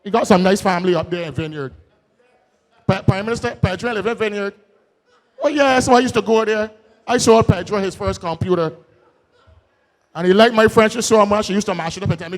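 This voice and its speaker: A man with a Barbadian accent giving a political rally speech, folksy and joking, then building to shouted emphasis. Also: sits high, expressive, normal speed. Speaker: political speaker. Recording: long hall reverb.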